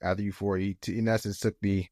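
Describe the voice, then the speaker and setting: Heated low-voiced male podcast co-host. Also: little pitch movement, quick pace, a little mellow, dry recording, clean studio sound. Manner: heated, rising to emphatic outbursts; loose, repetitive phrasing with many fillers. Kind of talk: casual chat.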